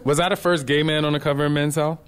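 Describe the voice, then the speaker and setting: Some chatter can be heard behind this middle-aged fitness instructor, whose slightly high voice moves fast. He chats casually and with energy, animating his stories by acting out quotes.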